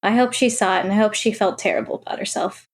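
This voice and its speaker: A woman's voice: medium pitch, steady tone, fast talker. A young woman recounting her childhood in an interview, in a plain, matter-of-fact way with frequent fillers. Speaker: interview guest. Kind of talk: personal testimony in an interview.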